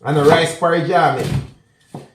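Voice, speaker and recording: A man's voice: a little high, fairly even intonation, unhurried, echoey room, a little hiss or hum. A man with a Jamaican accent chatting casually through a cooking tutorial, talking straight to his viewers in patois mixed with English. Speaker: cooking vlogger. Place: kitchen.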